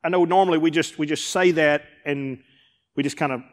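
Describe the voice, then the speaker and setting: A man's voice: fairly high pitch, steady tone, a little fast. A male pastor preaching a sermon, driving points home with emphatic repetition. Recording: hall with long reverb.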